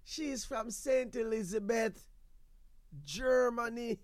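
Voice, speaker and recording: A man's voice: extremely high pitch, slow pace, no echo, clean studio sound. A man with a Jamaican accent hosting a call-in radio show, bantering in patois, laughing often and repeating himself. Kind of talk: casual call-in radio chat.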